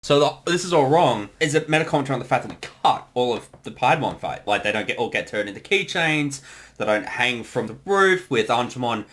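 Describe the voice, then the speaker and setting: A man chatting through a casual creator commentary, often trailing off into filler words and laughing. His voice is bright and forward, and his pitch bounces around expressively as he talks. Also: animated, a little fast.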